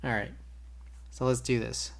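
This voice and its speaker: Man, live streamer, slow unhurried talk, casual, chatting with viewers. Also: medium pitch, little pitch movement, vocal fry, a little hiss or hum. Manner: laid-back, talks to chat while typing. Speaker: streamer building keyboards.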